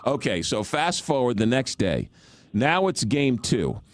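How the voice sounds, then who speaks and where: A man hosting a radio talk show, telling a story in an animated, self-mocking way. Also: mid-range voice, unhurried, dry recording.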